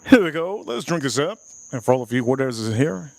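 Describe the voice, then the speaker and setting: A man's voice: mid-range voice, animated, brisk, vocal fry. A man hosting a casual live stream, tasting whiskey and joking with his chat in a playful, repetitive way. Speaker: livestream host reviewing whiskey.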